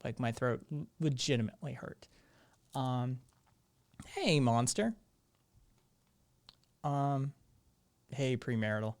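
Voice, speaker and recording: A man hosting a live stream, his voice still hoarse, talking in a rambling, sardonic way and swearing freely. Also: medium pitch, slow pace, pauses often, a little mellow. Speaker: live-stream show host. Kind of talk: casual live-stream commentary.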